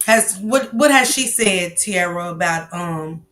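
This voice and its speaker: A woman hosting a livestream interview, casually reading out viewer comments and giving shout-outs. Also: fairly low pitch, lively intonation, slow. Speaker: livestream host.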